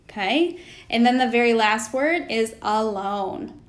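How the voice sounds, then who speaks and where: A woman teaching a phonics lesson to young children, pausing for answers and praising them. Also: fairly high pitch, expressive. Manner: slow, patient, prompting pauses for answers.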